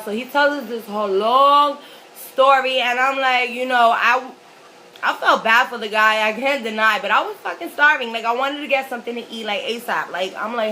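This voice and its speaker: A woman's voice: a little high, moderate pace, a little hiss or hum, low-quality recording. A young woman vlogger telling a story casually while she eats, swearing freely and acting out the people in it. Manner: animated, swearing, acts out the other people in the story. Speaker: mukbang vlogger.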